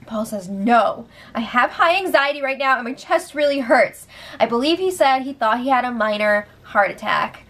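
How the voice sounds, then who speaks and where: Giggly, animated young woman recapping. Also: high-pitched. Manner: animated, giggly, sarcastic asides. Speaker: show update host. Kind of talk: casual recap chat.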